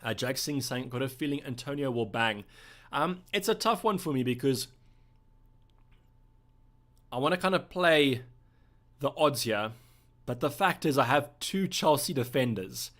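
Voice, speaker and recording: A young man from South Africa hosting a live stream, chatting casually as he reads out viewer questions and thinks aloud. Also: mid-range voice. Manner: relaxed, thinking aloud with fillers. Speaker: livestream host.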